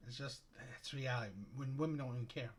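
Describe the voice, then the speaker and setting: A man's voice: mid-range voice, steady tone, fast. A man co-hosting a podcast, giving emphatic commentary in sweeping generalizations. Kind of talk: panel commentary.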